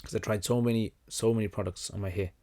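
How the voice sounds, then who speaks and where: A young man chats through a livestream Q&A at an easygoing pace, his voice sitting a little low. He often stops to restart a thought and fills the gaps with ums and uhs. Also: fast. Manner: relaxed, conversational, many fillers and restarts. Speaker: livestream host answering questions. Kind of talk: casual livestream Q&A.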